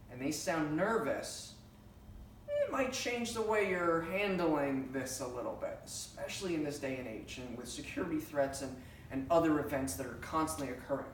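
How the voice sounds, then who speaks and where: A man teaching a class for emergency dispatchers, talking casually with lots of fillers and stories. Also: fairly high pitch. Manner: conversational, uses many fillers and personal anecdotes. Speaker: trainer for 9-1-1 dispatchers. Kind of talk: classroom lecture. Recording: very echoey room, distant mic, faint hiss.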